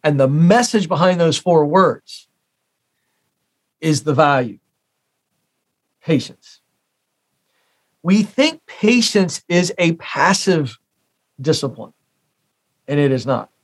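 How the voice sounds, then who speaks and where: Man in his forties, from the United States, interview guest, emphatic storyteller, fairly high voice. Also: animated, takes it slowly, pauses often. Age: 40s. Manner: emphatic, repeats key phrases for effect. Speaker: guest, career expert.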